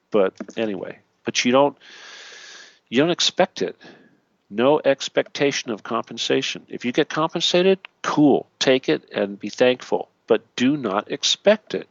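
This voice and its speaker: A man's voice: fairly low pitch, creaky, no room sound, muffled recording. A man hosting an internet radio talk show, teaching in a preachy way, often checking in with "okay" and "all right" and adding jokey asides.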